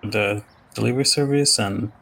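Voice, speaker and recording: A man's voice: lowish voice, normal speed, creaky, fairly bright tone, slight background noise. A man playing a tabletop game in character as a courier, speaking hesitantly and stumbling over his words. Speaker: player.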